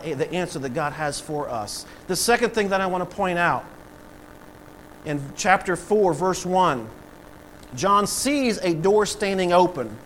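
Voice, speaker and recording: High-voiced man preaching a sermon. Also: a little hiss or hum, rough recording. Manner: preaching with acted-out voices and swells of volume. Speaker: pastor.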